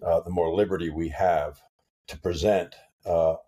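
A podcast host with a low, mellow voice who speaks in a relaxed, unhurried way, pausing often with "uh" and "um" as he finds his words. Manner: relaxed, hesitant, lots of uh and um. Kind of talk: casual podcast conversation.

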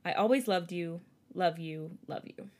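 A woman reading the lines of a remorseful young man who begs forgiveness in a fan story, quiet and subdued. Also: fairly low pitch, measured pace, lightly acted.

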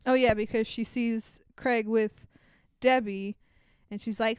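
Laughing, animated young woman. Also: on the high side, unhurried, clear, resonant tone, no room sound, clean studio sound. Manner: animated, laughing, swearing, acting out quotes. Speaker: podcast co-host. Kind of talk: casual movie recap chat.

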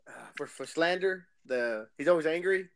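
A man's voice: on the high side, animated, normal speed, clear, resonant tone, dry recording. A man co-hosting a podcast in casual chat, loose and slangy, often chuckling. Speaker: podcast co-host.

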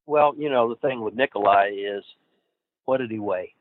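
A man who trains wrestlers, telling profane, animated road stories as a guest. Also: fairly low pitch, normal speed, no echo. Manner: profane, animated, laughs at his own stories. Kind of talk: casual storytelling interview. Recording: dry tinny phone-like line.

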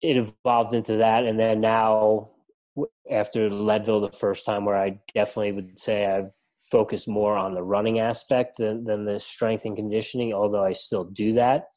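Man, middle-aged, low voice, flat delivery, rambling casual podcast talk. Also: moderate pace. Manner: rambling, filler-heavy, restarts words. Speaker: ultramarathon runner and coach, guest.

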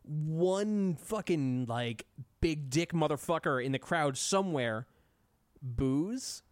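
A man chatting casually on a podcast, telling stories in an animated way with plenty of swearing. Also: a little high, takes it slowly, no room sound. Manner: profane, animated storytelling. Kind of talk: casual chat.

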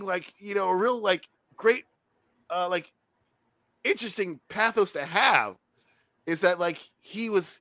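A man's voice: fairly high pitch, no echo. A man co-hosting a movie review show, talking casually and animatedly, swearing freely. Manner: animated, swearing, mocking voices in quotes. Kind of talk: casual chat.

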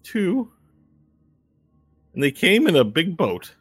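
A man's voice: high-pitched, huge pitch swings, slow pace, slightly rough, no echo, voice pushed up, exaggerated voice. A man voicing Walnut, an anxious young female messenger in a tabletop game who stammers and rambles. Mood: flustered.

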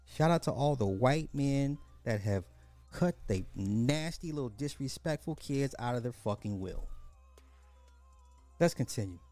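A man's voice: medium pitch, animated, measured pace, mellow, dry recording, faint music behind. A man hosting a podcast of social commentary, telling a story in a casual, profane, mocking way and repeating phrases for effect. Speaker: podcast host.

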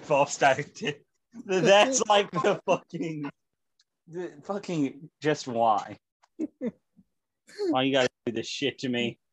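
A man's voice: on the high side, takes it slowly, pauses often, husky. A young man hosting a casual podcast, profane, rambling and exasperated. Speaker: podcast host.

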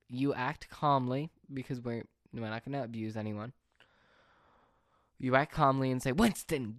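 A young man casually telling a rambling, animated story on a podcast. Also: medium pitch, no echo, clean studio sound. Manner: rambling, animated anecdote with fillers and asides. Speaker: podcast speaker.

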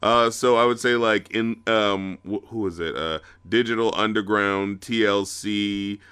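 A man's voice: lowish voice, steady tone, a little slow, fairly bright tone, clear, resonant tone. A man with a Southern US accent hosting a podcast, chatting casually and rambling with lots of fillers. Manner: rambling, heavy on fillers like "you know what I mean". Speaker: podcast host.

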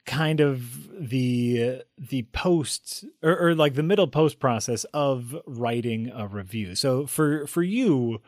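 A man's voice: mid-range voice, slow pace, hardly any pauses, a little mellow, dry recording, clean studio sound. A man from Wisconsin with a Wisconsin accent, co-hosting a casual chat in a chatty, easily amused way. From Wisconsin, USA. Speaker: podcast co-host.

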